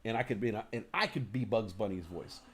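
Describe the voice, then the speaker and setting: A man hosts a laid-back livestream talk show, telling lively stories, voicing his inner thoughts aloud and swearing casually. His voice sits lowish with a breathy edge, and he talks a little fast.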